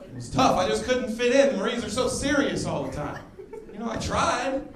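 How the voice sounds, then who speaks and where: A man in his thirties doing a stand-up comedy set, telling stories and acting out other people with loud exclamations. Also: very high-pitched, sing-song, brisk, a crowd in the background. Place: comedy club stage before a laughing crowd. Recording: roomy club sound with audience noise.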